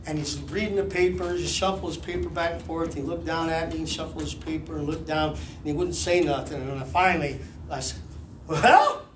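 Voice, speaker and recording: A man in his fifties preaches by telling a lively story, breaking into laughter and shouting out quoted lines. His voice sits high for a man. The room is echoey, with a faint ambience underneath. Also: a little hiss or hum. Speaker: pastor. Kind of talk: sermon testimony.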